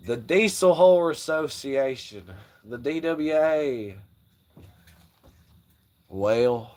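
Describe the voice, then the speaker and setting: A man's voice: medium pitch, lively intonation, takes it slowly, pauses often, a little mellow. A man hosting a livestream, telling crude, rambling stories in casual chat with frequent laughs. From Southern United States. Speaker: livestream host.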